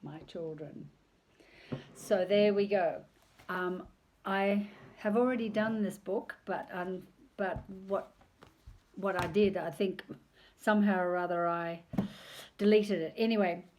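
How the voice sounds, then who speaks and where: Older woman, picture-book reader, unhurried, chatty asides about the pictures. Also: medium pitch, a little mellow. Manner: chatty, digressive, pausing to comment on pictures. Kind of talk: reading a picture book aloud on video.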